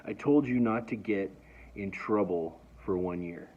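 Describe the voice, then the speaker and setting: A man's voice: fairly low pitch, unhurried, a little hiss or hum, pitched below the performer's own voice, natural voice. A man voicing a strict male judge who speaks in curt, scolding lines. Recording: dull lo-fi recording.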